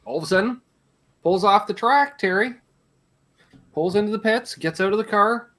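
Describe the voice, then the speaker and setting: Host, forties, from Canada: rambling and jokey, lively swings in pitch. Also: male voice, moderate pace, pauses often. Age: 40s. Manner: rambling and jokey, laughs between remarks. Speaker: host of a live guitar Q&A stream. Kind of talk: casual chat.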